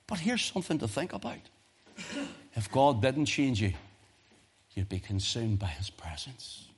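A man's voice: mid-range voice, sing-song, unhurried, husky. Impassioned man preaching a sermon. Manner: rises to impassioned cries, then drops to quiet urgency; archaic scripture quotations in King James wording.

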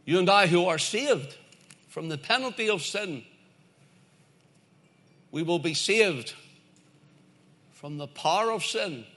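Male preacher, high and bright, emphatic repeating sermon delivery. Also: lively intonation, slow, pauses often. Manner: emphatic and repetitive, building lists to a climax.

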